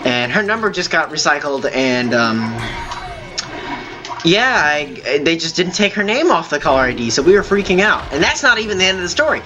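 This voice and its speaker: A man hosting a gaming video, telling a long story in a halting, rambling way with many fillers while he plays. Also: fairly high pitch, very animated, music in the background. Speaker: gaming channel host. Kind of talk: telling a story over gameplay.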